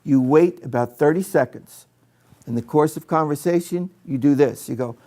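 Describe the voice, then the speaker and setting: In a training room, a man leads a live workshop for teachers, chatting with his audience and running a demonstration with a volunteer. His voice is a little high, brisk, and mellow.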